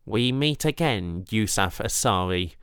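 A man's voice: medium pitch, expressive, normal speed, bright, forceful tone, clear, resonant tone, no room sound, clean studio sound, voice pushed up. A man playing a cocky, wisecracking prisoner. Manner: cocky, flippant. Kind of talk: audiobook character voice.

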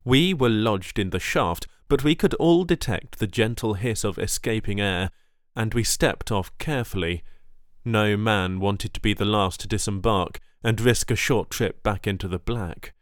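A man narrating a first-person story in a measured audiobook delivery. His voice is low and smooth, and the recording is dry and close. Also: no echo.

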